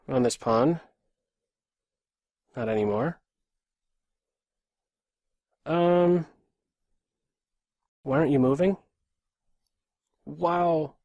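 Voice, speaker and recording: A man's voice: on the high side, very slow, pauses often, a little mellow, no room sound, clean studio sound. A man in his thirties from Pennsylvania, USA, streaming live chess and muttering terse running commentary on his moves. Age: 30s. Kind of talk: live commentary while playing bullet chess.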